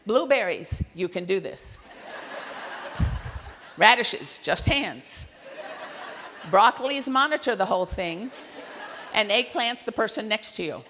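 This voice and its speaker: A woman giving a closing speech at a conference, telling a family story with wry humor and acting out the dialogue, then speaking in a hushed, earnest way. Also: medium pitch, lively intonation, takes it slowly, long pauses, slight background noise. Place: large conference hall stage.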